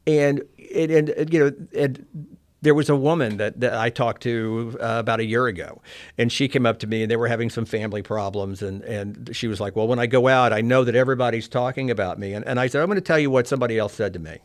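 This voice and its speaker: A middle-aged man from Oklahoma telling a candid personal story, soft-spoken and reflective, often trailing off quietly. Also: medium pitch, fast talker. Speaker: interview guest.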